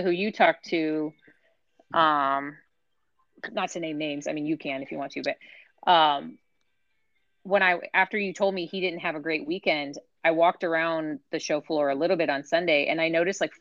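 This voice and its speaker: Low-voiced woman chatting on a podcast. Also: a bit bright, no room sound, highs cut off. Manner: chatty and explanatory, thinks aloud. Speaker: podcast panelist. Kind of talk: casual podcast chat.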